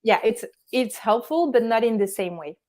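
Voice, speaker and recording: A young adult woman, a guest on an interview show, calmly explaining meditation with everyday examples. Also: a little high, normal speed. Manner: calm, instructive, gives everyday examples. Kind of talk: explanatory conversation.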